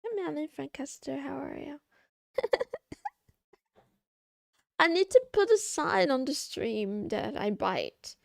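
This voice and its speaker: A woman's voice: high voice, expressive, slow pace, gravelly, pauses often, no room sound, clean studio sound. A woman streamer chatting casually on a live stream, answering her chat in a sarcastic, playful way.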